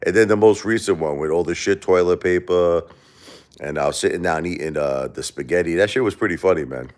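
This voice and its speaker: A man's voice: low-pitched, a little fast, darkish tone. A middle-aged man hosting a livestream, rambling casually and profanely while joking with his chat. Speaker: livestream host.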